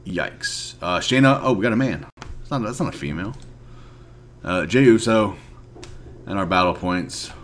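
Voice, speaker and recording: A young man giving casual commentary on a mobile card game, ranting in frustration, swinging from mumbled asides to loud outbursts. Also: mid-range voice. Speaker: mobile game video creator.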